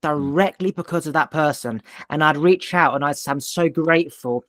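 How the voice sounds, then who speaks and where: A man's voice: fairly high pitch, brisk, a bit bright, no room sound. Intense, emphatic man with a dry close sound. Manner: intense, emphatic storytelling with profanity. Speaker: podcast host. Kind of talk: casual conversation.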